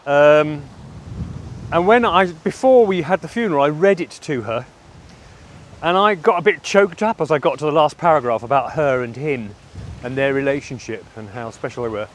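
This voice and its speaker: A middle-aged man speaking in a personal vlog monologue, candid and self-reflective with a halting delivery. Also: a little high, slight background noise. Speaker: vlogger.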